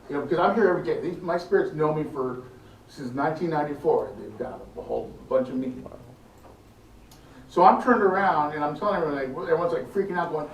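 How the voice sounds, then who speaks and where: A middle-aged man tells a story on a theater tour, his voice pitched a little high and acting out every quote. He sits some distance from the mic, so the sound is roomy and echoey, with a faint hum behind him. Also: brisk. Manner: lively, acts out quoted voices. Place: large indoor theater.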